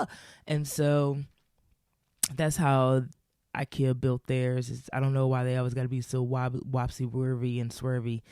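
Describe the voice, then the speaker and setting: A woman's voice: a bass voice, mellow, no echo, studio quality. A woman vlogger telling a casual comic story to camera, rambling, swearing casually and laughing often.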